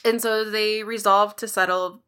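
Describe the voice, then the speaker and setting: Bright-voiced woman telling a story. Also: medium pitch, a little slow, smooth. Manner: animated, acts out quoted dialogue. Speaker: podcast co-host. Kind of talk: casual storytelling chat.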